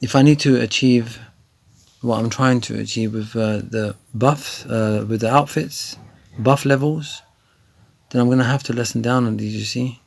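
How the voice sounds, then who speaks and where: Gravelly man chatting over gameplay. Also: medium pitch, normal speed. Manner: chatty, rambling with many fillers, grows excited. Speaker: gaming video creator. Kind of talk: gameplay tutorial commentary.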